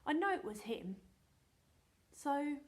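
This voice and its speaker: An English woman teaching a remote phonics lesson to young children, playful and animated, slipping into whispers and sounding out words slowly. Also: high voice. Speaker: primary school teacher.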